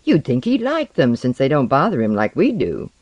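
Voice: medium pitch, huge pitch swings, moderate pace, darkish tone, no room sound, muffled recording. A narrator voicing a sensitive young alien woman in an audiobook, shaky and easily brought to tears. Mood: giggly. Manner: shaky, tearful.

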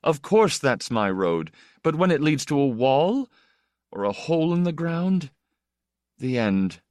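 A man's voice: on the high side, sing-song, a little slow, a little mellow, no room sound, studio quality, voice pushed up. A man voicing an anguished young male poet who talks with bitter, self-mocking intensity. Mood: weary.

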